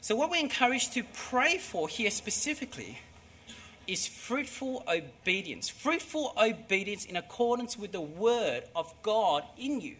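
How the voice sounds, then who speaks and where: A man preaching a sermon with emphatic delivery that moves between hushed and loud. His voice sits high and has a very bright, sharp edge. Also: sing-song, measured pace, a little hiss or hum.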